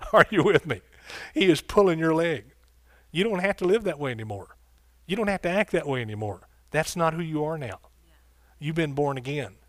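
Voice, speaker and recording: A man's voice: fairly high pitch, animated, brisk, fairly bright tone, no room sound, clean studio sound. A man pastor preaching a sermon, often calling out questions to the congregation. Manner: preacherly call-and-response, asks congregation questions.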